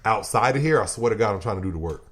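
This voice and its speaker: A man with a somewhat low voice holds forth as a podcast guest, loose and emphatic. He swears freely and breaks into laughter often in casual conversation. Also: expressive, very fast, a bit bright, a little hiss or hum. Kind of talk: casual chat.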